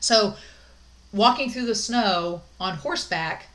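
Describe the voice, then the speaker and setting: A woman's voice: mid-range voice, slow pace, fairly bright tone. A young woman giving a recorded college English lecture, chatty and upbeat with many "um"s and "like"s.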